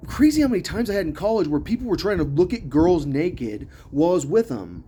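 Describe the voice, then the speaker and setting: A young man talking in a rambling personal monologue, hesitant, full of fillers and restarts, growing louder and higher when he gets worked up. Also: sing-song, a little fast, few pauses, slightly rough.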